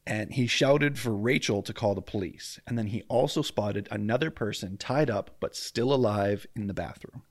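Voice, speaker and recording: A man co-hosts a laid-back true-crime podcast, joking and stumbling over names as he goes. His voice has a gravelly fry in it. The sound is dry and close. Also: lowish voice, moderate pace, hardly any pauses, no room sound. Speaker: podcast co-host. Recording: dry close mic at home, faint outdoor hum.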